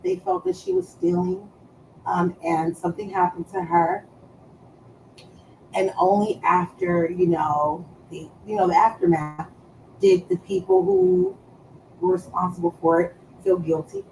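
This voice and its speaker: A woman's voice: lowish voice, big pitch swings, measured pace, vocal fry, warm tone, a little hiss or hum, low-quality recording. A woman streaming live, chatting casually in a profane, teasing way and drawing out words for emphasis.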